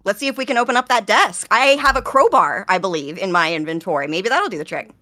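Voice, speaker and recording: A woman's voice: mid-range voice, animated, quick pace, sharp tone. A woman playing a tabletop game, laid-back and wry. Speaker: player.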